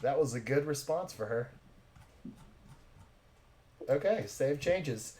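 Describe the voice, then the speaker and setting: A man's voice: medium pitch, lively intonation, slow pace, a little mellow. A man narrating a tabletop game as game master, with loose, slangy asides.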